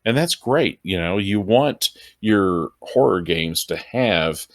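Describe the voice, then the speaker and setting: Deep-voiced man, dry and close. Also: animated, takes it slowly, no room sound. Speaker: podcast co-host. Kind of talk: casual chat about tabletop horror gaming.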